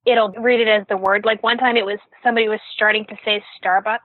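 A woman's voice: mid-range voice, steady tone, fast, no room sound. A woman chatting casually, her sentences full of "like" and "you know". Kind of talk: casual group chat. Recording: phone-like line, dry.

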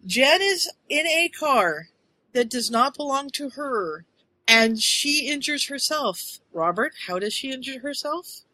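A woman with a bright, forceful voice hosts a podcast and chats casually. She tells stories in an animated way and laughs easily. Her pitch sits a little high. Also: unhurried, poor audio. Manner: animated storyteller, laughs often. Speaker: podcast host. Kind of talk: casual chat, retelling.

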